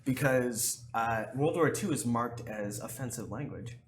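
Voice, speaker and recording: A man co-hosting a podcast, chatting casually and telling stories in an animated way. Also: medium pitch, unhurried, soft background music. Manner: animated storyteller who jumps into voices. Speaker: podcast co-host. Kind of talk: casual chat.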